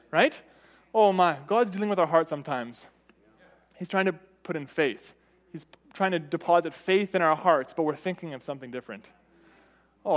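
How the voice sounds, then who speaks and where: A man preaching a sermon in a conversational way, often checking in with "right?" and shifting his pitch and loudness for emphasis.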